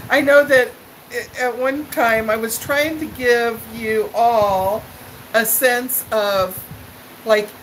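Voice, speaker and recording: A middle-aged woman, her voice on the high side, hosts a casual live stream on a rough recording with some hiss or hum. She drifts through slow, rambling tales full of fillers and laughter and responds to what viewers write.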